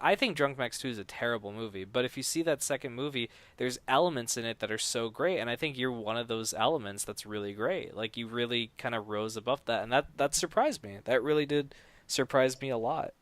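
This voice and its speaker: On a podcast, a no-budget filmmaker chats casually about making films with no money, rambling and restarting often. His mid-range voice moves a little fast, the recording is dry, and he performs quoted dialogue loudly.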